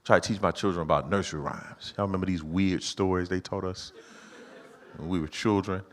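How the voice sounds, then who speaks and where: A middle-aged man doing a stand-up set in a church auditorium with a live audience. His voice sits on the low side but swings up sharply when he acts out what he said to his kids. The delivery is animated and full of punchlines. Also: fairly quick. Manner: animated storytelling, acting out his own lines in a higher voice. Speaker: stand-up comedian.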